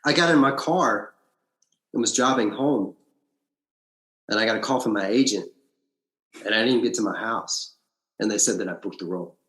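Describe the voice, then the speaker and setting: A man, an actor and podcast guest, telling his story in a casual interview, with blunt, animated retelling and free swearing. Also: on the low side, normal speed, long pauses. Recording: roomy echo.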